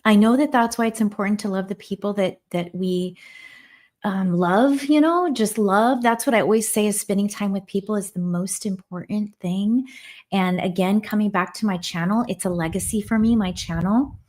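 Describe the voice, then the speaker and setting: A woman in her forties chats on her home livestream, warm-hearted and rambling. She stops to answer viewers' comments as they come in. Her pitch sits in the middle of the range for a woman. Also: moderate pace. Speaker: livestream host. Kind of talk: casual live-stream chat.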